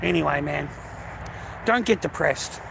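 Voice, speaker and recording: A man's voice: on the high side, unhurried, gravelly, background noise. Aggrieved Australian man ranting, swearing. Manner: aggrieved, heavy swearing, repetitive. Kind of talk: angry personal rant.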